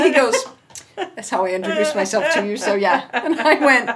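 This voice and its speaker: A woman's voice: a little high, normal speed. A middle-aged woman co-hosting a podcast, chatting casually and acting out quoted lines in her stories. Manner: animated storyteller, acts out quotes. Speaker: podcast co-host. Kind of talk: casual chat.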